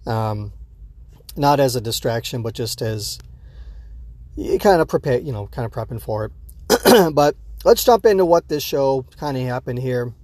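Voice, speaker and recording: A man hosts a loose, unscripted reaction recap in a middle-pitched voice, rambling along with plenty of fillers and restarts. He sounds a little sleepy. The recording is dry and close, with no room sound. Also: animated, normal speed, a little mellow, dry recording. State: sleepy, yawning early in the day. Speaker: podcast host reviewing an episode. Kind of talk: casual unscripted reaction commentary.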